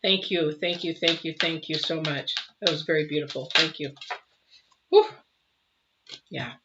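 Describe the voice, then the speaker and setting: A middle-aged woman gives a live tarot reading with a bright, forward tone. She is emotional, breaking into loud exclamations and then dropping to soft murmurs. The recording is slightly muffled, with a faint hiss underneath. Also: sits low, measured pace, pauses often. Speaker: tarot reader. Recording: slightly dull, faint noise.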